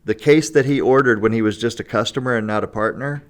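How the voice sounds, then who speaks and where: A man's voice: mid-range voice, quick pace. A man telling a long story in a casual podcast chat. He laughs often and keeps checking in with "right?" and "you know". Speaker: guest storyteller.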